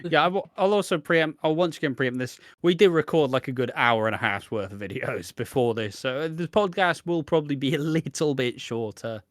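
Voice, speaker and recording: A man's voice: mid-range voice, a little fast, hardly any pauses, no echo. Laid-back man, dry close sound. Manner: laid-back, frequent restarts and casual swearing. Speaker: podcast co-host. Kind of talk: casual chat.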